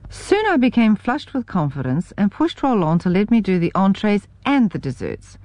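Wry, lively New woman reading. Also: medium pitch, normal speed, dry recording, highs cut off. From New Zealand. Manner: wry, expressive storytelling. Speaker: memoir narrator. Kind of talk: reading a memoir aloud.

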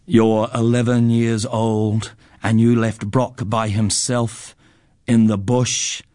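A man doing a gruff stern farm dad. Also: a little high, animated, a little slow, no echo, studio quality. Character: gruff farming father, blunt and stern.

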